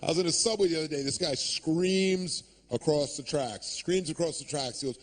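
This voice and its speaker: A man doing a stand-up routine on a club stage, ranting sarcastically and acting out shouted street voices on a handheld mic. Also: a little high, normal speed, hardly any pauses. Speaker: stand-up comedian.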